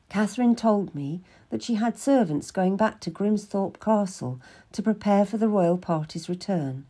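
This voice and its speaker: A woman's voice: on the low side, moderate pace, gravelly, hardly any pauses, mellow, husky. A woman reading a first-person story aloud in an earnest, emotive way. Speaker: narrator.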